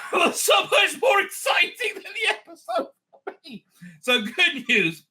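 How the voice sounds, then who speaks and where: A man's voice: extremely high pitch, big pitch swings, unhurried, sharp tone. A middle-aged man hosting a casual live-stream review. He rambles, swears a lot and laughs often. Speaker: rabbi and show host.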